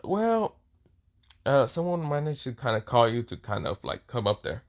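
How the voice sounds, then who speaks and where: A man voicing a brisk, pushy schoolgirl who hurries a friend along. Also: medium pitch, sing-song.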